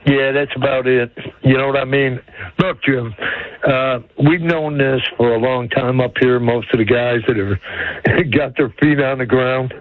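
A man's voice: mid-range voice, steady tone, measured pace, no room sound. An older man calling in to a radio show, talking in a folksy, rambling way. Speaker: caller. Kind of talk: phone-in call. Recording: tinny phone line.

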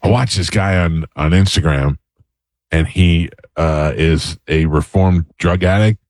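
A man's voice: low voice, unhurried, no echo. A man hosting a morning radio show, chatting casually and acting out both sides of conversations as he tells stories. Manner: storytelling, acts out both sides of exchanges. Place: radio studio. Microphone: studio mic.

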